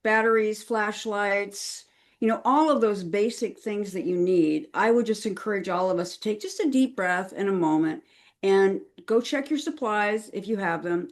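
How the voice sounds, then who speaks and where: A woman guest on a podcast interview, explaining things in an earnest, chatty way. She talks in a relaxed conversational flow, full of fillers and small restarts. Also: mid-range voice. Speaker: crisis management consultant, podcast guest.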